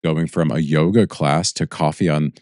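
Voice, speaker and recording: A man co-hosting a podcast, speaking in a measured, reflective way as he pulls the discussion together. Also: very deep voice, steady tone, a little mellow, dry recording, studio quality. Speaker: podcast co-host. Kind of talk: podcast conversation.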